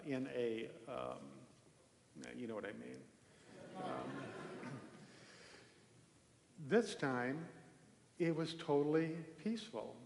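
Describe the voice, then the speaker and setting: A man giving a relaxed, conversational sermon from a temple hall, telling a story with pauses and restarts. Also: medium pitch, vocal fry. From Norway. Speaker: minister giving a talk. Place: large echoey temple hall. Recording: echoey hall with long reverb.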